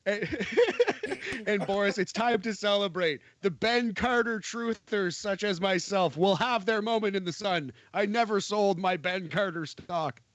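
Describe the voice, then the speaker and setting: A man's voice: sits high, measured pace, a bit bright, no echo. A man co-hosting a podcast, chatting casually about wrestling in a detailed play-by-play way and laughing easily. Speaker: podcast co-host. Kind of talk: casual wrestling review chat.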